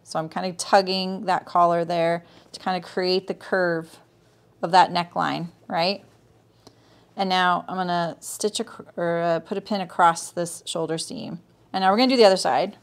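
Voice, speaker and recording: Hosting a live sewing lesson, this teacher speaks at a normal speed in a fairly low, steady voice. She walks viewers through every step conversationally, says hello to them by name, and keeps asking "right?".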